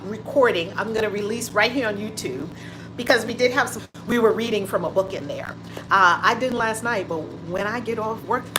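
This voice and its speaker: A woman hosting a casual livestream from home, greeting viewers by name with lots of exclamations. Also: medium pitch. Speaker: livestream host. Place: home room with window open. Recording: noisy home livestream audio.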